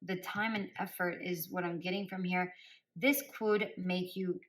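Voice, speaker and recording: A woman's voice: on the low side, fairly even intonation, a little slow, rough recording. A woman giving a spoken tarot reading. She speaks directly to listeners by star sign and repeats phrases for emphasis in a coaching tone. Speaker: tarot reader.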